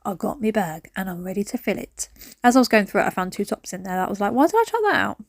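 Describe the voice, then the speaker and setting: A woman's voice: medium pitch, fast, no echo, studio quality. A woman, chatting through a cleaning vlog at home, rambling between stories and sudden whispered asides. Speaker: cleaning vlogger. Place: at home, indoors.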